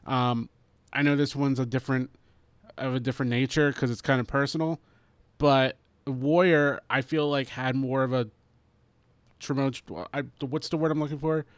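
A man's voice: mid-range voice, steady tone, moderate pace, clear, resonant tone, no room sound. A man co-hosting a casual wrestling podcast, hesitant and searching for words. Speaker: podcast co-host.

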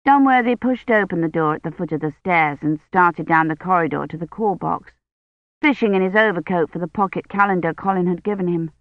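An audiobook narrator reading a novel in a steady, measured way. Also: medium pitch, no room sound. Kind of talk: scripted narration. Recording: slightly muffled dry studio read.

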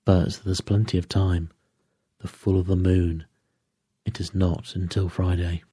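A man voicing a fussy, dapper middle-aged detective in an audiobook, speaking precisely with sudden high exclamations. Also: flat delivery, a little slow, dark tone, breathy edge, no room sound, clean studio sound. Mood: fussy, animated. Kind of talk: audiobook character voice.

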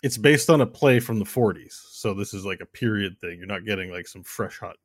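Low-voiced man casually recommending films. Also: animated, a little fast, no room sound, clean studio sound. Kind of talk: casual chat.

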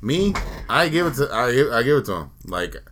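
Brash, bright-voiced man chatting. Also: mid-range voice, big pitch swings, a little fast, slight background noise. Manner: profane, opinionated, laughs a lot. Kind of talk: casual chat.

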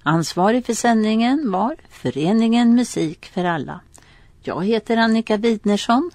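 A woman radio presenter reads her announcements in a calm, measured way. Her voice sits at a middle pitch for a woman. The sound is dry and close, with no room around it. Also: no room sound.

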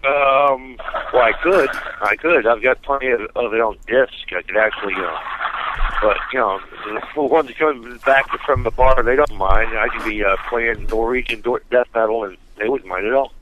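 Male caller on a cab phone, easygoing rambler, mid pitch, dull lo-fi line with faint noise. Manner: rambling, laid-back, halting restarts. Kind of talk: phone chat with a radio host. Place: taxi cab.

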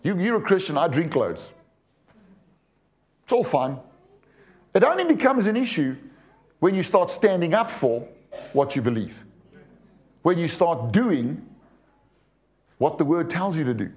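This forties-aged preacher has a high, darkish voice with big pitch swings, keeping a measured pace and pausing often. His sermon is emphatic, marked by stumbles over repeated words and frequent questions to the congregation.

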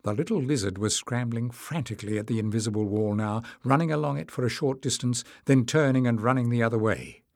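A man narrating an audiobook in a measured storytelling manner. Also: mid-range voice, a little mellow, no echo, studio quality. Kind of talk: scripted narration.

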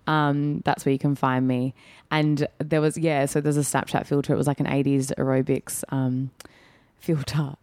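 A woman's voice: extremely low pitch, darkish tone, no room sound. A young woman guest on a podcast, chatting casually and playfully, slipping into mock voices now and then. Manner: playful, slips into mock accents. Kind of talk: casual chat.

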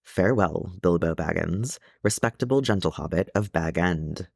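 A man voicing a grave, regretful male dwarf king who speaks slowly and in a hush. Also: deep voice, vocal fry, dry recording, studio quality, full character voice. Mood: solemn. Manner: slow, hushed, solemn.

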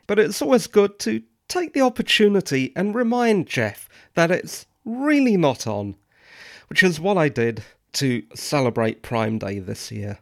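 A man's voice: fairly high pitch, sing-song, a little slow, dry recording, clean studio sound. A man hosting a solo podcast, giving opinionated, wry and dryly sarcastic commentary. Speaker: podcast host.

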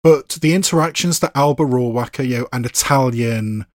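A man's voice: mid-range voice, a little fast, no echo. Thoughtful male film reviewer, dry sound. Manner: thoughtful, digressive, with filler phrases.

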